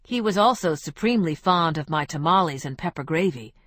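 A woman's voice: low-pitched, expressive, brisk, fairly bright tone, dry recording, studio quality. A woman voicing a humble male cafe owner who speaks solemnly and reverently.

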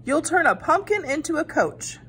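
A woman's voice: high voice, sing-song, normal speed, a bit bright, slight background noise, pitched above the performer's own voice. A woman voicing an earnest, eager young hen heroine in a storybook reading. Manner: eager, breathless.

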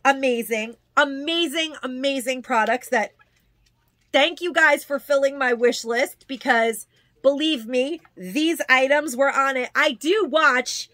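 A woman's voice: sits high, unhurried, fairly bright tone. A woman chatting casually through a product haul, gushing and repeating words for emphasis. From New York. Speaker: haul vlogger.

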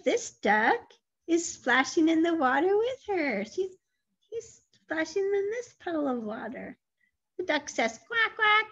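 A woman teacher reading a picture book aloud to toddlers, gentle and full of questions, with animated sound effects. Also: sits high, dull audio. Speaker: early childhood teacher.

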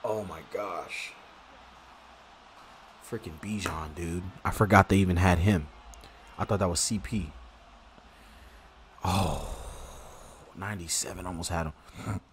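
Excitable low-voiced male gaming streamer. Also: a little slow, long pauses, slight background noise. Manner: excitable, slangy, cheers and groans at the game. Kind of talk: casual live gameplay commentary.

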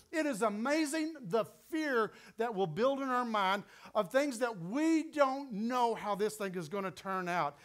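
Man, West Texas accent, pastor, storytelling sermon, animated and emphatic, strikingly high-pitched.

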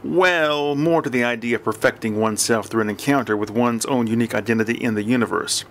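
A man's voice: mid-range voice, fast talker, slight background noise, lightly acted. A man voicing an earnest male novelist near sixty, searching for meaning, in an audiobook.

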